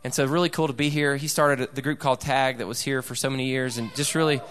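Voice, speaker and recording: A man's voice: mid-range voice, steady tone, quick pace, a bit bright, clear, resonant tone. A man in his thirties from Alabama with a Southern accent, a youth pastor preaching to teenagers at a conference, folksy and joking, getting the crowd to call back. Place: large church auditorium. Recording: echoey hall reverb.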